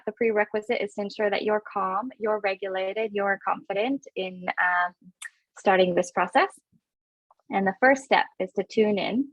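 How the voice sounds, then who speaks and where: A woman presenting a parenting webinar, talking quickly with many fillers and restarts. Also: mid-range voice, gravelly, no room sound. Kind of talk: webinar talk. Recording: dull, dry webinar audio.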